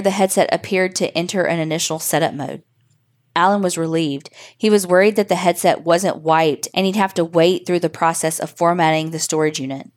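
A woman hosting a podcast, reading a listener's horror story in steady, measured narration. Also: on the low side.

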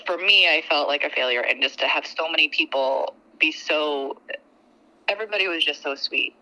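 Woman guest, 30s, lower pitch, bright and animated, laughing through her story on a phone line. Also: moderate pace. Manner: animated and laughing as she tells it. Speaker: customer guest. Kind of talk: telling a personal story on a phone call.

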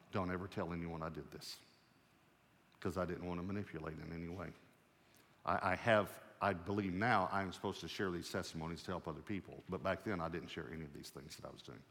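Pastor, male, lower register, storytelling sermon, conversational with light humor, long hall reverb. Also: fairly bright tone.

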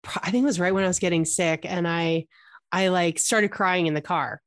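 A woman's voice: on the low side, steady tone, a little fast, no echo, clean studio sound. A woman co-hosting a podcast, chatting casually and telling candid personal stories with laughter. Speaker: podcast co-host. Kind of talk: casual chat.

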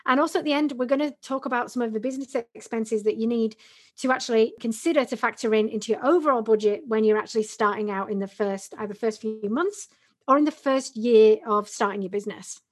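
A woman's voice: on the high side, quick pace. A woman co-hosting a podcast, explaining in a chatty way with examples and frequent "right?" tags. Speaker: podcast co-host. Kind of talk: casual explanatory podcast talk.

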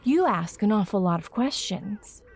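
A woman's voice: medium pitch, lively intonation, measured pace, a little mellow, slightly rough. An actress playing a proud, spirited young woman of the 1890s who speaks with formal, old-fashioned prim diction, in old-time radio drama style. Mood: prim, indignant. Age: young adult. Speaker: heroine.

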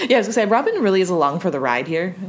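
A woman's voice: fairly low pitch, very animated, quick pace, slight background noise. A woman co-hosting a casual recap chat, easygoing and giggly. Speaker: podcast co-host.

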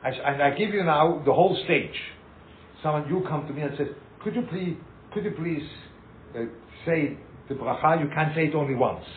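A rabbi teaches in a lively, emphatic way, repeating points and acting out small scenes. His voice sits a bit high. The recording is echoey and thin, with a light hiss behind him. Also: fairly quick, phone-quality sound. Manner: emphatic, repeats himself, acts out little scenes. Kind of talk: animated informal Torah talk.

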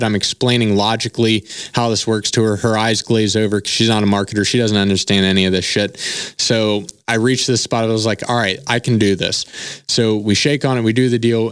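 A man's voice: medium pitch, clean tone, dry recording, studio quality. Casual, candid man telling his story. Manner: casual and candid, swears freely, often tags sentences with "right?". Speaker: podcast host. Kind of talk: solo storytelling podcast.

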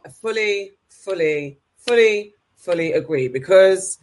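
A woman's voice: lowish voice, lively intonation, a little slow, a little mellow. A woman with a London accent, co-hosting a casual podcast and ranting heatedly, repeating herself for emphasis. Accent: London English. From England. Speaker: podcast co-host.

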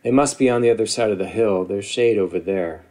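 A man reading a story, voicing a weathered solitary man guiding children with dry humor in a gentle, low-key way. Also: fairly quick, close to an everyday voice.

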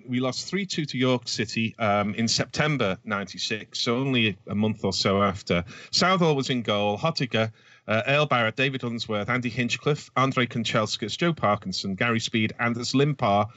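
A man's voice: medium pitch, moderate pace, fairly bright tone, no room sound, lo-fi sound. A man talking casually about old football matches, with many fillers and restarts as he searches for words. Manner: rambling, hesitant, many fillers. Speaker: podcast co-host, Everton fan.

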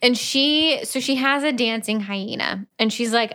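Animated woman retelling a book plot. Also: a little high, measured pace. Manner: animated retelling with playful voices for characters. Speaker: podcast co-host. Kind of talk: casual book-review chat.

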